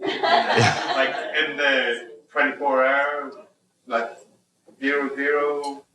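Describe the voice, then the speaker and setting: A man from Ireland in the audience, explaining things in a hesitant, halting way. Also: medium pitch, little pitch movement, pushed and bright. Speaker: audience member. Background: crowd laughter.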